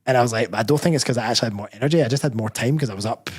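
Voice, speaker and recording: A man's voice: medium pitch, rapid-fire, slightly rough. Candid Scottish man, rambling chat. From Scotland. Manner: candid, rambling, self-correcting. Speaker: guest, personal trainer and bodybuilder. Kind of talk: casual interview chat.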